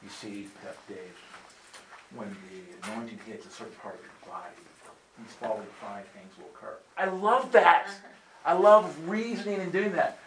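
In a meeting room with an audience, a man preaches at a mid-range pitch and moderate pace, acting out the voices of the people in his story. Crowd noise and a roomy hall sound fill the recording.

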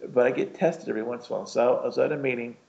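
Man, casual rambling preacher, gravelly, mid-pitched voice, dull lo-fi sound. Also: very fast, a little mellow. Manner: casual, rambling, frequent "you know" and "right?". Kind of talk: conversational sermon with personal story.

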